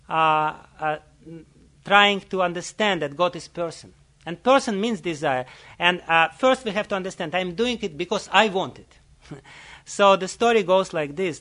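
A man giving a sermon, telling a story in an earnest way with frequent soft laughs and hesitant pauses. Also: a little high. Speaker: religious teacher.

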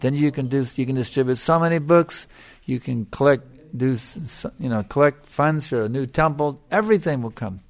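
A man's voice: medium pitch, moderate pace, few pauses. A middle-aged man giving a devotional lecture as a spiritual teacher, emphatic and repeating his phrases for stress.

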